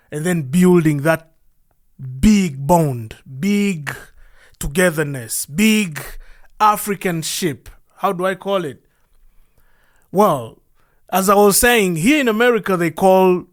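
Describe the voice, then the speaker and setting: A man from the Democratic Republic of the Congo speaks with a Congolese accent, hosting his podcast as a loose solo monologue. His voice sits high for a man, and he rambles earnestly, often stopping to ask himself questions. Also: a bit bright. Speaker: podcast host. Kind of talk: casual monologue.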